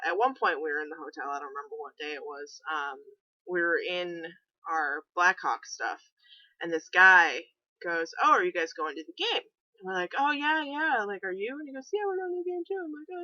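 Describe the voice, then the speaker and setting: A woman's voice: on the low side, bright, forceful tone, no room sound, dull audio. A young woman from New England telling a road trip story in a chatty, sarcastic vlog. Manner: chatty, sarcastic, many fillers.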